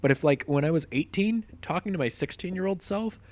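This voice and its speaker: A man's voice: fairly high pitch, brisk. A young man of about twenty, co-hosting a podcast and telling stories in casual chat, full of "like" fillers. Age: around 20. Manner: animated storyteller, frequent "like" fillers. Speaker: podcast co-host.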